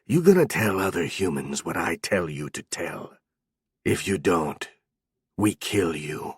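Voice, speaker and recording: A man voicing a cruel male goblin shaman who talks in slow, broken speech with a terrible accent. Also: very animated, breathy edge, dry recording, studio quality, full character voice. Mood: menacing. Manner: slow, low, menacing.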